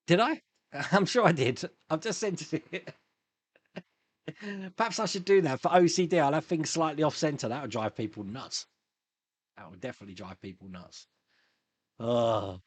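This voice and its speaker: A man's voice: a little high, husky. A man hosting a casual live stream, chatting and reading viewer comments with frequent chuckles and restarts.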